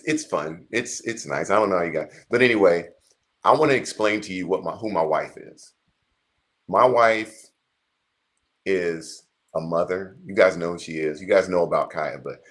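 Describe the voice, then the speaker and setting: A man's voice: deep voice, a bit bright. A man, a pastor, casually chatting and telling a story earnestly, speaking straight to his viewers. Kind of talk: casual chat.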